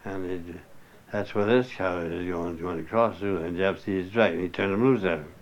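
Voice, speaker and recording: Older man, oral-history interviewee. Low, smooth voice, folksy and salty storytelling, muffled lo-fi tape. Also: moderate pace. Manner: folksy, salty, chuckling yarn-spinner. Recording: muffled lo-fi recording.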